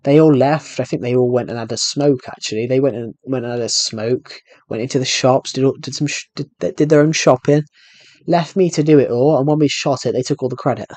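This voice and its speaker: A man's voice: mid-range voice, a little fast, darkish tone, no room sound. A young man live streaming a game, telling a rambling, aggrieved story that keeps repeating and restarting phrases. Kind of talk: casual live stream chat while gaming.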